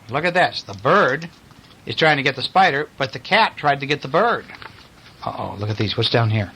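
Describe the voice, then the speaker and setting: A man's voice: medium pitch, sing-song, pushed and bright, a little hiss or hum, poor audio. Playful man reading bedtime stories. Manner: playful, chatty, pauses to point at pictures. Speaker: storyteller reading picture books to a child. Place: in bed at home.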